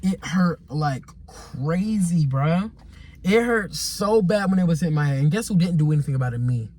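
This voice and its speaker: Young male vlogger, rambling storytime, repeats himself, slightly high voice. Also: a little fast, darkish tone. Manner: repetitive, rambling, exasperated; casual slang. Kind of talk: casual storytime monologue.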